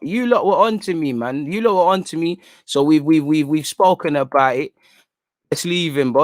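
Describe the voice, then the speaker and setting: A young man hosts a casual livestream, riffing in animated slang full of "bro" and "man". His voice sits a touch high. The sound is dry and close, with no room echo. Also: normal speed. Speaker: fan channel livestream host.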